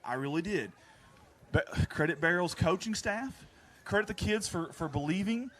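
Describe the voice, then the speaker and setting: A man hosting a live stream, talking earnestly after a high school football game. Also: expressive, normal speed. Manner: warm, earnest, repeats himself. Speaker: stream host. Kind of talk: casual postgame chat.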